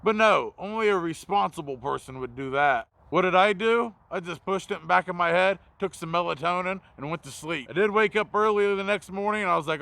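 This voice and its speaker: A man's voice: high voice, a little fast, gravelly, few pauses, bright, forceful tone, no room sound. A man who works as a mobile mechanic, telling a confessional story in a blunt, profane, self-mocking way. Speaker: mobile mechanic and video host.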